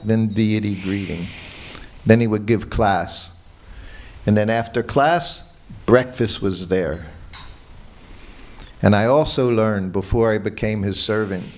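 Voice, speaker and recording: In a temple hall, an older man recounts personal stories during a morning class, laughing softly as he remembers. His voice runs on the low side with a touch of mellowness.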